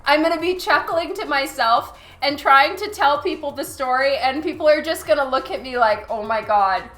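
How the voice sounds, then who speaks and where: A woman's voice: high voice, moderate pace, sharp tone. A woman artist chatting casually with her live-stream viewers, laughing often as she reads their messages. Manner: giggly, reads chat messages aloud. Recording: roomy echo with faint music. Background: faint background music.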